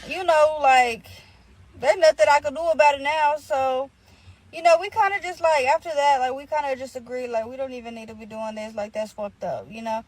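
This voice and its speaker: A woman's voice: high-pitched, fairly quick, rough recording. Rambling woman telling a story. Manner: rambling, full of "like" fillers, acts out quoted dialogue. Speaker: storyteller in a played clip. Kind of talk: casual storytelling.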